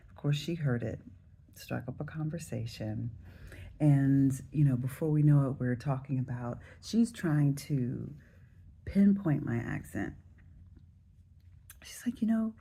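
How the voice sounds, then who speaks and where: Forties woman from the american south vlogging, low husky voice, chatting straight to her viewers. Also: takes it slowly, long pauses. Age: 40s. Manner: chatty, relaxed, addresses viewers directly. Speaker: travel vlogger. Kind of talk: casual storytelling to camera.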